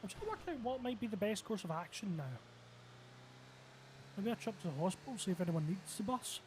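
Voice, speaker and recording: A man's voice: high voice, lively intonation, a little mellow, a little hiss or hum. A man streaming live, chatting casually and thinking aloud. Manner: rambling, thinks aloud, quick asides.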